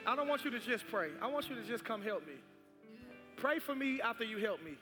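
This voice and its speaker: High-voiced fervent pastor. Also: male voice, lively intonation, a little fast. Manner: fervent, repetitive exhortation. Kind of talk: sermon with offering and prayer. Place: large church sanctuary. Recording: reverberant church hall with music.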